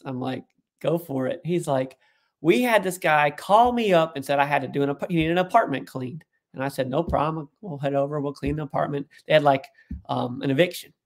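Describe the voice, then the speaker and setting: A man as an interview guest, telling an animated story and putting on voices for the people he quotes. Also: a little high. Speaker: guest, tech executive.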